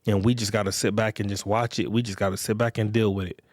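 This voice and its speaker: A man's voice: lowish voice, little pitch movement, quick pace, darkish tone, no room sound, studio quality. A man hosting a podcast, talking in a casual, rambling, profane monologue and often checking in with his listeners. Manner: rambling, profane, repeats "you get what I'm saying". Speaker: podcast host.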